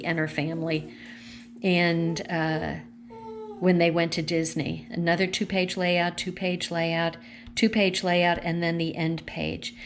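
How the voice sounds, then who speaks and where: A woman with a lowish voice talks slowly and chattily, gushing over each page of a craft catalog as she thinks aloud. She sounds relaxed and unscripted, recorded at home with a faint hiss of noise behind her. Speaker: consultant showing a craft catalog. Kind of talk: casual catalog walkthrough vlog.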